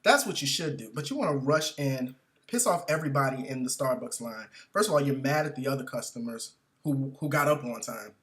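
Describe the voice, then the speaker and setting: A man telling comic stories in an animated, profane, mocking rant about customers. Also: medium pitch, a little fast. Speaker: comedian. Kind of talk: comedic storytelling rant.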